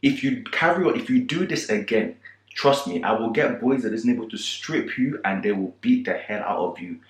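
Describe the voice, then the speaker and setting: A man voicing a stern older landowner who scolds and threatens in a low voice. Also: animated, fairly quick, close to an everyday voice. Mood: stern threatening. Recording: roomy echo.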